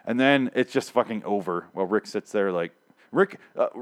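A man with a somewhat low voice rambles through a casual episode recap. He swears freely, restarts his sentences and gets worked up as he talks. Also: normal speed. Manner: profane, rambling, animated. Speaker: TV show recapper.

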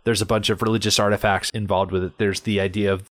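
A man's voice: on the low side, level tone, fast talker. A man co-hosting a casual movie podcast, explaining background at length and acting out scenes. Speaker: podcast co-host.

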